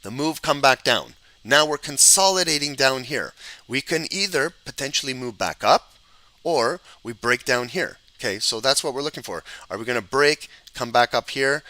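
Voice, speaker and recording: Bright-voiced man teaching chart trading. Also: mid-range voice, moderate pace, dry recording, low-quality recording. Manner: instructive, repeats "okay?" checks, animated auctioneer riffs. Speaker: trading educator. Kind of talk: live screen-share market analysis.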